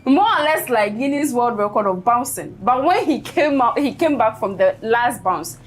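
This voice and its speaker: A woman's voice: fairly high pitch, expressive, normal speed, a little hiss or hum. Woman recounting events in a clip. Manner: recounting, explanatory. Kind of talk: explaining a story in a played video clip.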